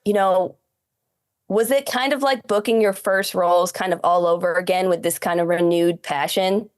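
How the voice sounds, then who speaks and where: A woman's voice: fairly low pitch, fairly even intonation, normal speed. A woman hosting a casual podcast interview, asking rambling questions full of fillers. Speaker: podcast host.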